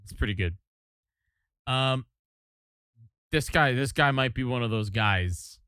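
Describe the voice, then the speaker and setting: A man's voice: mid-range voice, slow pace, sharp tone, faint music behind. A male streamer chatting casually, rambling and stammering as he reacts, and easily amused. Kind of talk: casual live-stream chat.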